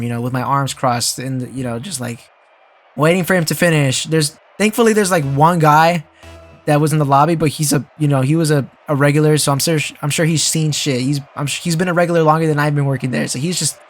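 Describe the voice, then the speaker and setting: A young vlogger with a fairly high voice tells a casual story, rambling with plenty of fillers and restarts and swearing freely.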